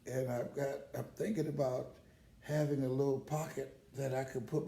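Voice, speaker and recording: Animated older man telling stories. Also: mid-range voice, moderate pace, gravelly, echoey room. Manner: animated, laughs heartily while telling stories. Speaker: motivational speaker. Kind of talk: casual live-stream storytelling.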